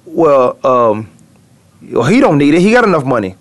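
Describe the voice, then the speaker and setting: Male sports-talk host, slightly high voice, emphatic and teasing, casual banter. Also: big pitch swings, normal speed. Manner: emphatic, teasing, drops to low mutter for asides.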